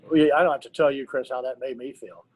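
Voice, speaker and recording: A man's voice: medium pitch, steady tone, quick pace, no echo, poor audio. A middle-aged man, a basketball coach, telling stories in an interview in an earnest, emotional way with many restarts. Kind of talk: storytelling in an interview.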